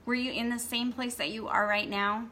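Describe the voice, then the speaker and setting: A woman's voice: a little high, flat delivery, normal speed, sharp tone. A woman hosting a blogging course gives an earnest motivational talk to the camera and often adds "okay?" for emphasis. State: tearful, emotional.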